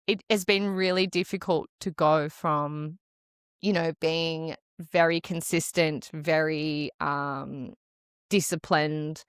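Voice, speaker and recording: Australian woman, podcast co-host, lower register, chatty and giggly, dry close sound. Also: dry recording. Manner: chatty, laughs often, lots of "like". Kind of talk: casual chat.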